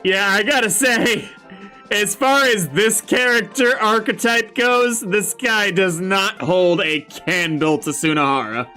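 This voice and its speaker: A man's voice: high-pitched, slow pace, pushed and bright, soft background music. Wry man commenting on a game. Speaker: let's play streamer.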